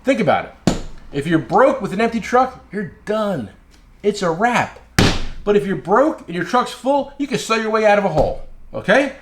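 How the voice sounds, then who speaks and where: A brash man talks in a high, lively voice with big swings in pitch, telling fellow dealers plainly how to get paid. He keeps hammering his points home with repeated phrases. A steady noise hangs under the recording. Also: moderate pace. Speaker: independent tool dealer. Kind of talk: casual advice talk.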